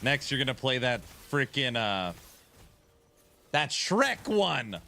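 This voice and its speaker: A male streamer chats to his audience at an unhurried pace, teasing them in a bright, clear voice. His pitch bounces around a lot as he jokes, pouts and plays along, never in a hurry. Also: very animated, a little hiss or hum. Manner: playful, teasing, talks back to chat. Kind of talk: casual live-stream chat.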